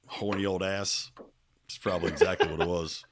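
A man guesting on a casual podcast, joking crudely in a smooth radio-announcer voice. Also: sits low, steady tone, fairly quick, very noisy. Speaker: podcast guest, host of another show.

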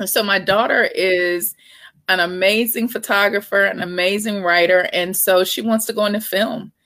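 A woman's voice: mid-range voice, fairly even intonation, moderate pace, fairly bright tone, no room sound. A woman in her forties, a guest author and parent, talking candidly in a casual interview. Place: Texas.

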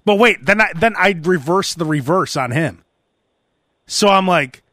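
High, bright-voiced man telling animated stories. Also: normal speed, no room sound, clean studio sound. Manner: animated storyteller, acts out phone calls, bursts into shouting. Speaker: podcast host. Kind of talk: casual chat.

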